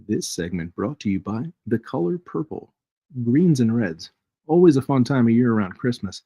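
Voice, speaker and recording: A man's voice: mid-range voice, animated, normal speed, dark tone, husky, no room sound. A man hosting a casual live trading stream, chatty and jokey, chuckling as he reads charts aloud. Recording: dry, dull lo-fi stream audio.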